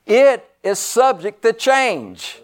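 A man preaching a sermon, emphatic and repetitive, swinging between loud stresses and hushed asides. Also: very high voice, sing-song, slow.

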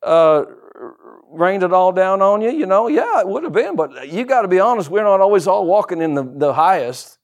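A man's voice: high voice, sing-song, moderate pace. A middle-aged man preaching a sermon as pastor, with humorous asides and rhetorical questions.

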